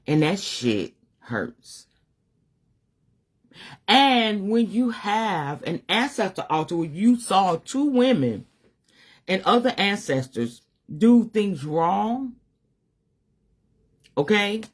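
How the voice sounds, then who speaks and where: Middle-aged woman, spiritual advisor, open-hearted live-stream monologue with a breathy, husky edge. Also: mid-range voice, lively intonation, slow pace. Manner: candid and emotional, swears casually.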